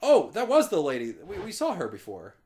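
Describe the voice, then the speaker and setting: A man's voice: sits high, huge pitch swings, a little fast. A man chatting casually while playing a video game with his wife, reading dialogue aloud and swearing now and then. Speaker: let's play co-host. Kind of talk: casual gameplay commentary.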